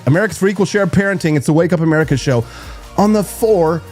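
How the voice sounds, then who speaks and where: A man hosting a political talk show, ranting loudly and mocking his opponents. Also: fairly high pitch, brisk, faint music behind. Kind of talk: heated political rant.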